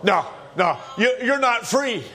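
A man's voice: very high voice, animated, a little slow, sharp tone. A man preaching an informal sermon in a conversational, joking, storytelling manner.

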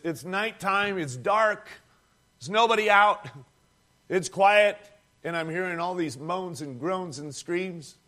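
A preacher with a high-pitched voice delivers a sermon as dramatic storytelling. He speaks directly to his listeners, calling them friends, as he builds the scene. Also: a bit bright.

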